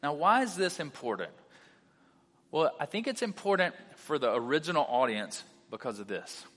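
Man, pastor, sermon, bright voice, conversational asides, long hall reverb. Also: a little high, normal speed. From South Carolina. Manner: animated preaching, conversational asides.

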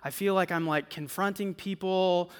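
A man's voice: high-pitched, steady tone, normal speed, clear, resonant tone. A man giving a casual, conversational sermon to students as a campus ministry speaker, often tossing in "like" and "right?". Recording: echoey hall.

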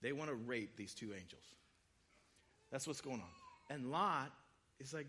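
A man giving a sermon, retelling scripture stories in a casual, conversational way with quick voiced asides. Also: medium pitch, lively intonation, pushed and bright, breathy edge. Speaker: preacher.

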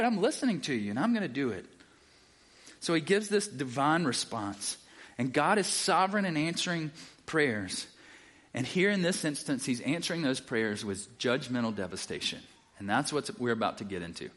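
A man's voice: medium pitch, fairly bright tone. A man teaching a conversational sermon to a live church audience, reading scripture aloud and often checking in with his listeners. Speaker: Bible teacher.

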